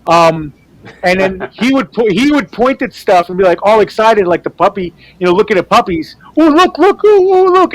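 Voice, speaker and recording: A man, an artist, chatting casually and telling animated stories, acting out other people's voices and swearing freely. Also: high voice, dry recording, poor audio. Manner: animated storyteller who acts out quoted voices. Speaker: artist on a team panel show. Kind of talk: casual storytelling chat.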